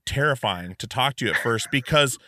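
Bright-voiced man hosting a casual podcast. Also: medium pitch, lively intonation, a little fast, no echo, clean studio sound. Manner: rambling, many fillers and restarts. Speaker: podcast host. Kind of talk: casual interview chat.

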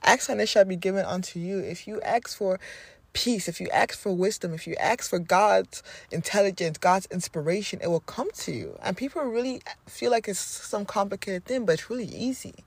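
A woman's voice: medium pitch, normal speed, vocal fry, slightly rough, no echo. A woman podcast host delivering a spiritual affirmation talk, repeating phrases with rhythmic emphasis.

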